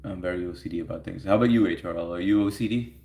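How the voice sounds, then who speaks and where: Deep-voiced easygoing man streaming live. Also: very fast, creaky, dark tone. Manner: chatty, easygoing, laughs often, reads viewer comments aloud. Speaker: livestream host answering chat. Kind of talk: casual chat. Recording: echoey room.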